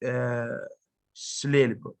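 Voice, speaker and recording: A man whose first language is Arabic, a student in an English lesson, speaking haltingly with many fillers. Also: medium pitch, little pitch movement, creaky, smooth.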